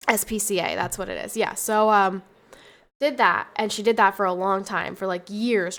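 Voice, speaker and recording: Soft-spoken tired woman streamer. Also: mid-range voice. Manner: soft, halting, full of fillers and restarts. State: tired and tearful. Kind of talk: casual chat.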